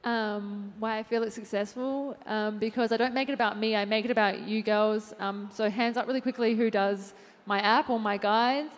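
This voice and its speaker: A woman fitness trainer chats as a guest in a live on-stage interview in a large hall with an audience, unassuming and full of fillers. Her mid-range voice has fairly even intonation at normal speed, with long hall reverb from the stage.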